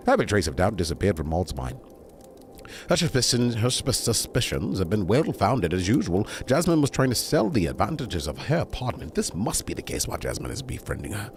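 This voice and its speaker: A man's voice: lowish voice, sing-song, a little fast, slight background noise. A man reading a bedtime story aloud to a stream, breaking off for chatty, digressing asides.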